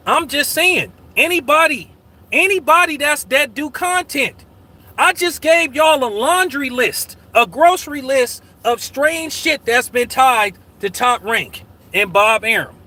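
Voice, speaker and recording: A man talks on his livestream in a high, piercingly bright voice. He is profane, slangy and combative, calling out chat and telling his moderators to remove people. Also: expressive, measured pace. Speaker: channel host. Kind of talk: casual livestream talk.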